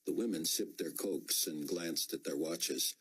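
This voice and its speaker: Husky low-voiced male audiobook narrator. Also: low-quality recording. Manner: measured storytelling. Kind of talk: scripted narration.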